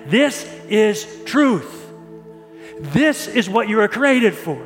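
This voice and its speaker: A male pastor preaching a sermon in an earnest way, often repeating and restarting words and reading scripture slowly. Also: high voice, expressive, faint music behind, a faint crowd. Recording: reverberant hall.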